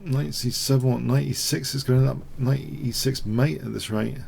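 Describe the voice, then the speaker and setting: A man's voice: medium pitch, steady tone, normal speed, creaky, a little mellow, slight background noise. A man commentating his own online chess games, thinking aloud with wry, self-mocking asides. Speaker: chess streamer. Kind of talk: live commentary while playing.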